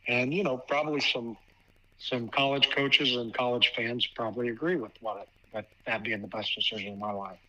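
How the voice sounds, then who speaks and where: A man in his fifties from Ohio tells a personal story on a podcast. His voice is bright and forward, and he talks in a halting way, repeating words as he goes. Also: mid-range voice, fairly even intonation, poor audio. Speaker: podcast guest, basketball official and assigner. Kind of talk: casual storytelling interview.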